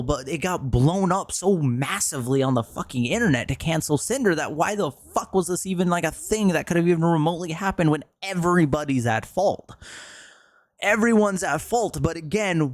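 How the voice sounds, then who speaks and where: A man's voice: fairly high pitch, animated, moderate pace, dry recording. A man who streams, ranting in a commentary video, frustrated and swearing often, his voice jumping up sharply when worked up.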